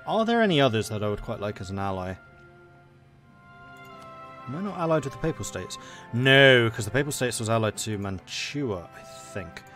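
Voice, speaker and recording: A man's voice: medium pitch, fairly bright tone. A man casually commenting on a strategy game during a live stream, chatty and thinking aloud with frequent fillers.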